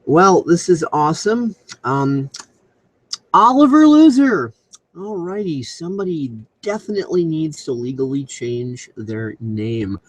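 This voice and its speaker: A young man talking alone into his computer mic on a live stream, goofy and crude, with a voice that swings up and down a lot. He rambles with plenty of ums and breaks into loud comic squeals now and then. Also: fairly high pitch, animated, a little slow, hardly any pauses, rough recording. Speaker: comedy show host. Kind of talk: solo comedic commentary over screen share. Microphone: computer mic on a video call.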